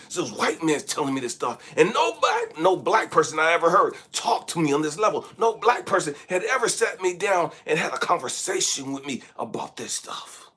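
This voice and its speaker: Animated husky man telling a story. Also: on the high side, normal speed, few pauses. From California. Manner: swings between loud, emphatic outbursts and hushed asides; often asks "you know what I mean?". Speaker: life coach. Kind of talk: motivational storytelling.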